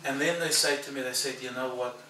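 Animated pastor preaching in an echoey hall. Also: male voice, mid-range voice, fairly quick, background noise. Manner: animated storyteller, acts out dialogue, laughs at own story. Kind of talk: storytelling sermon. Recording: echoey hall, mic at a distance, background ambience.

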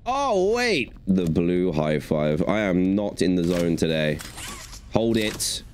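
A man's voice: low voice, fairly even intonation, takes it slowly, a little mellow, slight background noise. A young man giving chatty, playful commentary while playing a video game. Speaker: gaming YouTuber. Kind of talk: gaming commentary.

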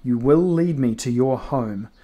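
A man voicing a stern, commanding young captain who speaks with firm, steady resolve in a storybook reading. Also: medium pitch, measured pace, lightly acted.

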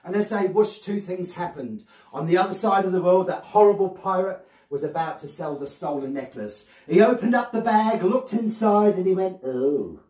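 A man, a children's magician telling a story in a playful, animated way to young children. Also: high-pitched, normal speed. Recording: roomy sound from a distant mic.

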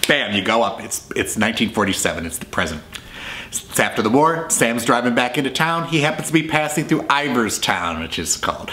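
A man's voice: fairly low pitch, bright, forceful tone, a little hiss or hum. A man reviewing a classic film in a casual way, retelling the plot as a chatty storyteller who acts out the scenes.

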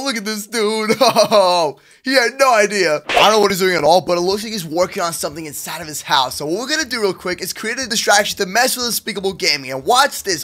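A young man hosting a gaming video, giving energetic commentary in a hyped, hushed, sneaky way. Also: sits high. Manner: hyped, hushed stealth narration.

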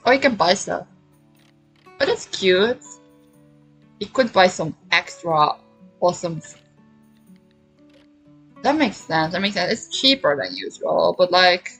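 A woman's voice: fairly low pitch, creaky, a bit bright, husky, poor audio. A woman streaming a farming game, chatting playfully and reading dialogue aloud, often repeating short phrases twice. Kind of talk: casual gameplay chat, reading dialogue aloud. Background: faint game music.

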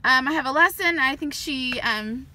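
Chatty high-voiced woman vlogger. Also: normal speed, sharp tone, slight background noise. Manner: chatty, talks sweetly to her horse. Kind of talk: casual vlog chat. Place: outdoor horse paddock.

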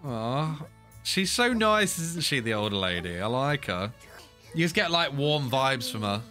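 A young man giving excitable casual reaction commentary, often laughing. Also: mid-range voice, unhurried, faint music behind. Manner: excitable, frequent laughter and "mate". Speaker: anime reaction host.

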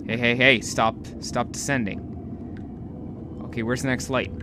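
A young man giving live gameplay commentary, talking to himself, excitable and swearing often. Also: medium pitch, unhurried, noisy background. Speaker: gaming video host.

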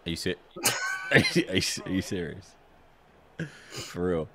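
A man's voice: low voice, steady tone, a little slow, pushed and bright. Exasperated young man gaming. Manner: swearing, laughing, exasperated at the game. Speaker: gaming YouTuber. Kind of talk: casual gaming commentary.

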